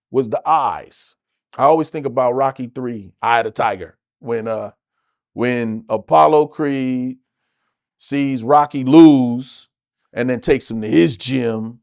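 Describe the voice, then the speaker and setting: A man from the United States swaps stories as an actor guest in a relaxed interview, emphatic and lively and swearing a lot. His voice is medium-pitched and gravelly, with studio-quality sound and no echo.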